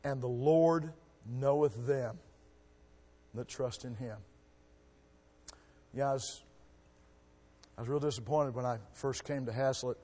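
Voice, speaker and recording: A male missionary preacher giving a revival sermon, emphatic, shifting between loud exhortation and quiet asides. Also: mid-range voice, slow pace, pauses often. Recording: echoey hall with long reverb.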